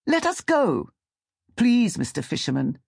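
A man putting on a mischievous octopus, pitched far above his own voice and lilting in a sing-song way. The tone is a little breathy and sits in a dry, close space. It has the feel of a storybook narration. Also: wildly swooping pitch, a little slow, dry recording, heavily acted. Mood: pleading. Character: playful sing-song octopus in a fishing bucket.

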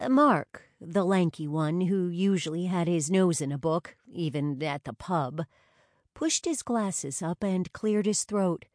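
A woman reading a story aloud in a measured, wry storytelling manner. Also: on the low side, darkish tone, dry recording, clean studio sound. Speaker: audiobook narrator. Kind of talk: scripted narration.

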